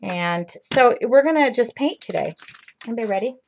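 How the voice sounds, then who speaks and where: A woman's voice: a little high, animated, normal speed, vocal fry, a little mellow, slight background noise. Chatty middle-aged woman, lo-fi stream. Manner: chatty, laughs often, rambling asides. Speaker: art instructor. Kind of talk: live-streamed painting session chat. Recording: lo-fi live stream audio.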